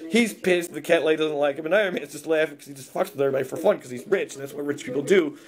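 A man's voice: fairly high pitch, rapid-fire. A man giving a rambling, crude, mocking comedic review of a comic book.

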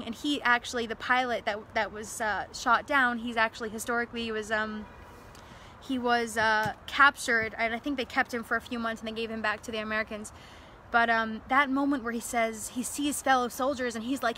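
A woman's voice: high voice, a little fast, sharp tone, a little hiss or hum. A young woman telling a personal story in an impassioned monologue, emphatic and emotional, repeating phrases and using many fillers. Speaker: speaker promoting a religious event.

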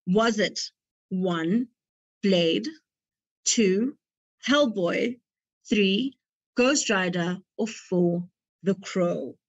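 A young woman hosts a movie quiz at an unhurried pace, reading each option slowly and adding chatty asides. The recording is dull and lo-fi, with a dry, close sound. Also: mid-range voice, dry recording. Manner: chatty, laughs at her own jokes. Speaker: quiz host.

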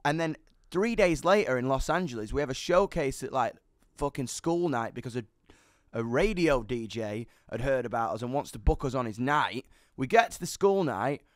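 Animated, sweary young Englishman. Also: medium pitch, dry recording, studio quality. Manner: fast, animated, sweary storytelling. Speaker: musician guest. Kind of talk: candid storytelling chat.

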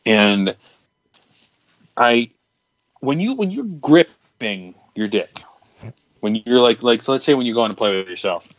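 A man's voice: mid-range voice, a bit bright, no room sound, highs cut off. A young man on a podcast telling a long, candid story, rambling with many restarts and crude words. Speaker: podcast co-host. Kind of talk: casual storytelling chat.

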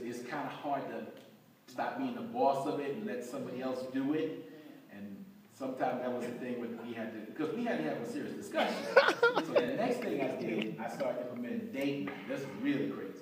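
A man's voice: mid-range voice, slight background noise. A man pastor telling a humorous story in a sermon, acting out both sides of the conversation. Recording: echoey hall from far off. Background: congregation laughing.

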